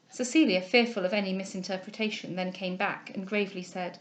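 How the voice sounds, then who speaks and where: A woman reading a classic novel aloud in a clear, measured narrating voice. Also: medium pitch, steady tone, highs cut off. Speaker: audiobook reader.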